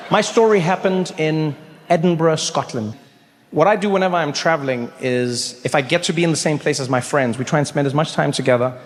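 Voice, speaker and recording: A middle-aged man from South Africa does stand-up storytelling in a large theater, acting out characters animatedly with wide pitch jumps. The live hall adds a long reverb and faint background ambience.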